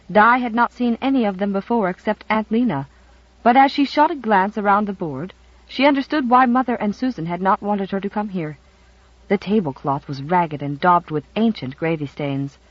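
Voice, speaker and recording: An audiobook narrator reading a novel with expressive storytelling. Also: mid-range voice, no room sound, muffled recording.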